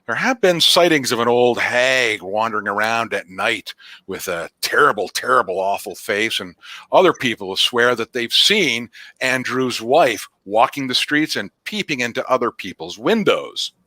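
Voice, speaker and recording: A man voicing a town mayor who explains the trouble in a calm, reassuring way. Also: mid-range voice, normal speed, no room sound. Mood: worried. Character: apologetic male town mayor.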